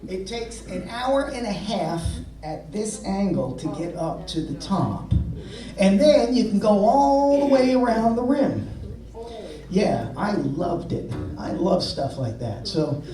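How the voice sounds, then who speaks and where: Man joking between songs, lively swooping pitch, slow unhurried delivery, echoey live recording from far off. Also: a crowd in the background. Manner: joking, deadpan storyteller. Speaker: blues singer and guitarist. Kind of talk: stage banter between songs. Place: outdoor festival stage. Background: guitar music.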